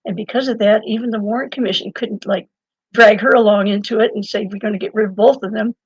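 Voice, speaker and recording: A woman's voice: mid-range voice, steady tone, quick pace, breathy edge, no echo. An older woman telling a story as an interview guest, rambling and digressive, often breaking into laughter. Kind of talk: conversational storytelling. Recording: dull lo-fi dry sound.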